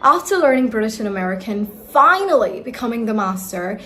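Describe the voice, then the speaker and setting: A woman's voice: a little high, sing-song, fairly quick, noisy background. A young woman from India telling a personal story in a vlog as an accent coach, emphatic and giving direct advice to viewers.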